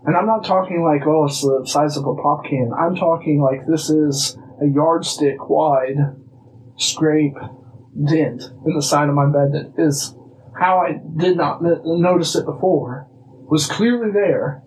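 A man from Illinois, a guest telling a personal story casually, animated and acting out bits of dialogue. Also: a little high, a little slow, a little hiss or hum, rough recording. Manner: animated, acts out dialogue, restarts phrases.

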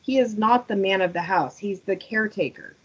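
Female cohost, slightly husky voice, earnest, conversational. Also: mid-range voice, fairly quick, rough recording. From United States. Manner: earnest, thoughtful, frequent agreeing replies. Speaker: podcast cohost. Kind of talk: casual recap chat.

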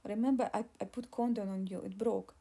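A woman's voice: medium pitch, steady tone, fairly quick, dark tone, breathy edge. Woman reading as a pleading pregnant woman. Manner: pleading, insistent. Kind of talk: audiobook dialogue reading.

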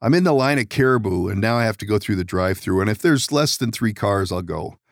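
A man's voice: fairly low pitch, lively intonation, fast, no echo, clean studio sound. A man hosting a podcast, telling rambling stories in casual chat, laughing often and swearing. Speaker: podcast host.

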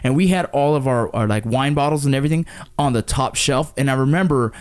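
A man in his thirties from Los Angeles, retelling a memory to his father in casual conversation, fast and animated with frequent restarts. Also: medium pitch. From Los Angeles, USA. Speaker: son recalling a disaster with his father.

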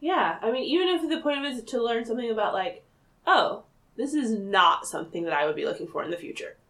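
A woman co-hosting a casual podcast, lively, asking questions and laughing easily. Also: on the high side, fast talker. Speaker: podcast co-host. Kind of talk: casual chat.

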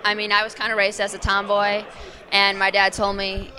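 A woman's voice: mid-range voice, monotone, normal speed, sharp tone. A young woman in her twenties from Chicago, a guest in a casual interview, talking bluntly and confidently. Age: 20s.

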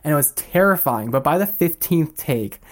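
A young man in his twenties, a podcast guest, telling a personal story in a casual, animated way and acting out the people he quotes. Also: fairly high pitch, moderate pace.

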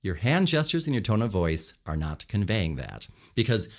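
A man's voice: fairly low pitch, normal speed. A man talking as a communication coach, explaining body language and vocal melody and acting out different tones as examples. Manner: animated, demonstrates tones and gestures while explaining. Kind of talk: instructional commentary on speaking.

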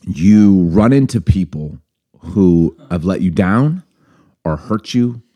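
A man's voice: low voice, slow pace. A man hosting a casual podcast, telling a personal story and acting out the dialogue. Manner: storytelling, animated, acts out quoted dialogue. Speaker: podcast host.

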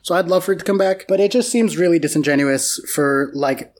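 Talking football casually, this American podcast host speaks in a mid-range voice. He rants at a fast clip, curses without restraint, and peppers his sentences with "like."

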